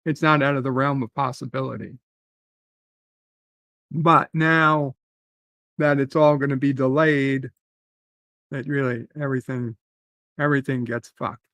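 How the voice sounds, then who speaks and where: A man's voice: medium pitch, steady tone, measured pace, long pauses, fairly bright tone, no room sound. A man hosting a live stream, ranting in a rambling, profane way and answering chat comments.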